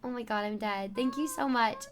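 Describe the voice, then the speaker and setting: A woman's voice: fairly high pitch, moderate pace, background noise. A young woman streaming live, laughing often as she exclaims and thanks her viewers.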